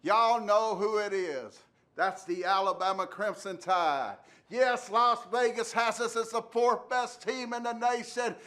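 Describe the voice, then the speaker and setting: A man hosting a rowdy sports radio show, loud and theatrical, shouting comic bits. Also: sits high, unhurried.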